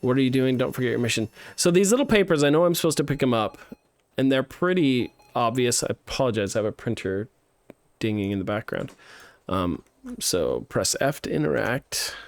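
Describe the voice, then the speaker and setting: A man's voice: medium pitch, expressive, normal speed, creaky, dry recording. A man streaming a live playtest of student games, thinking aloud with lots of fillers and restarts as he gives feedback. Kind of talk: live game playtest commentary.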